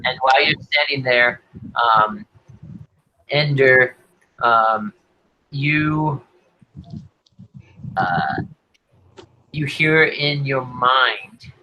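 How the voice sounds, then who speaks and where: A man's voice: medium pitch, drawn-out words, long pauses, highs cut off, a little hiss or hum. A young man narrating as game master on a video call, hesitant and full of ums as he describes the scene.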